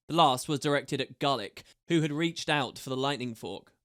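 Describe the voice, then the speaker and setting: A man reading a fantasy audiobook aloud with steady, measured narration. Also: mid-range voice.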